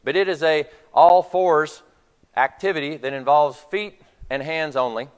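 A man's voice: a little high, a little slow, smooth, big-room sound. A man preaching a sermon to his congregation, retelling a film scene as a story. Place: church hall.

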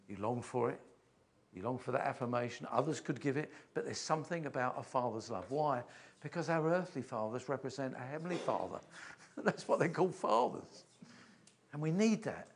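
An older man giving a sermon in a church, emotional and halting, often repeating himself as he restarts sentences. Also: mid-range voice, a bit bright. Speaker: preacher.

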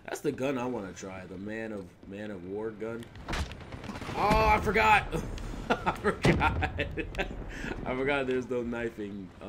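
A young man rambling through a gameplay commentary, animated and slangy, laughing as he tells stories and sounding a bit sniffly. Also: fairly low pitch, very noisy. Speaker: gaming video host. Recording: gunfire and clicks under voice. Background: in-game gunfire.

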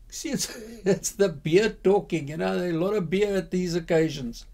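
Mellow-voiced man telling history. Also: high-pitched, measured pace, gravelly, hardly any pauses. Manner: conversational with frequent fillers. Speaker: history channel host. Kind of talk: casual storytelling history talk.

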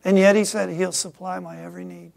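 A middle-aged man from Michigan preaching a sermon as pastor, swinging from quiet asides to loud emphatic peaks. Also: high voice, little pitch movement, fast talker, creaky. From Michigan, USA.

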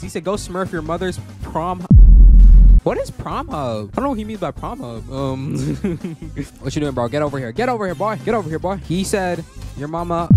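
A young man giving excitable gameplay commentary, reading chat messages aloud in mocking tones and breaking into panicky bursts. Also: fairly high pitch, brisk. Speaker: gaming youtuber. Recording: game music behind voice. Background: game music.

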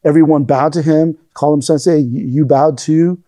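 Man telling stories in a warm, dry voice. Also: on the high side, steady tone, normal speed, no echo. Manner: rambling anecdotes, acts out quoted lines. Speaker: interview guest, aikido teacher. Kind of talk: casual storytelling interview.

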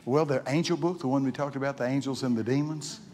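A man preaching to a congregation, spinning folksy stories in his middle-pitched voice. He repeats himself as he goes and keeps climbing into loud, excited exclamations. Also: fast, a little hiss or hum. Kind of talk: sermon with storytelling. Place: church.

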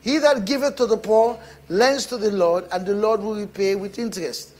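A man preaching a sermon, animated and bursting into shouts. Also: high-pitched, normal speed, slight background noise. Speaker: pastor.

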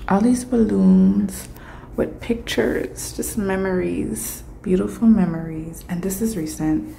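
A young woman vlogs casually into her phone camera, chatty and emotional as she talks straight to her viewers. Her mid-range voice is slow, gravelly and dark, with slight background noise.

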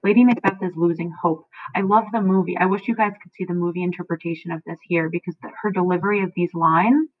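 A woman's voice: lowish voice, steady tone, fast talker, hardly any pauses, no room sound. Woman teacher explaining a play. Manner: checks in often with a questioning "okay?". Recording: dry, tinny phone-like sound.

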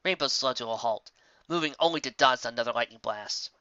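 A woman narrating a storybook tale in a steady, plain reading voice, in a slightly muffled lo-fi recording. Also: a bass voice, brisk, dry recording. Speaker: fan fiction reader.

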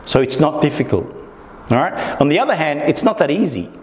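A man's voice: on the high side, big pitch swings, a little fast, slight background noise. A man presenting to a small meetup group, often checking in with his listeners and acting out inner thoughts. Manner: keeps checking in with the audience, acts out inner thoughts. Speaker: workshop presenter. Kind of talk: informal talk to a small group. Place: meetup room. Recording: echoey room with long reverb.

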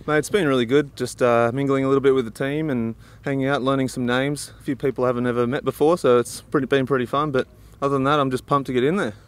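A man's voice: medium pitch, fairly even intonation, fast, smooth. Laid-back male athlete. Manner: laid-back and easygoing, laughs readily. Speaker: athlete guest. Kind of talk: casual interview answers.

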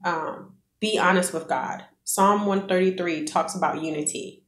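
A woman's voice: lowish voice, unhurried, a bit bright. A middle-aged woman vlogging, sharing an earnest faith testimony and talking straight to her viewers. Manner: earnest, preachy, addresses viewers as guys. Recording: echoey room.

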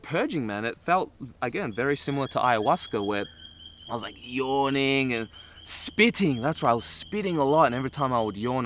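A man's voice: medium pitch, slight background noise. A man telling a long personal story in a casual, rambling way, full of "like"s and laughter. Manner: animated, rambling, many "like"s and laughs. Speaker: vlogger telling a trip story.

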